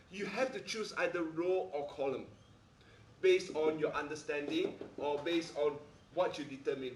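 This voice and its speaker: A male maths teacher lecturing a class, pressing his points and checking in with his students after nearly every sentence. His voice sits a little high for a man. It is caught from a distance in an echoey classroom. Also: slight background noise. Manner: emphatic, repeats "all right?" often. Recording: echoey room, mic far off.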